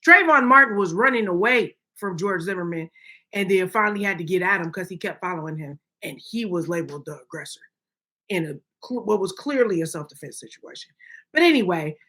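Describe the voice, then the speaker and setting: A woman's voice: lowish voice, animated, fairly quick, bright, forceful tone. A woman co-hosting a podcast, giving her opinions emphatically and often checking in with "okay?". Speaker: podcast co-host. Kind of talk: opinionated casual chat.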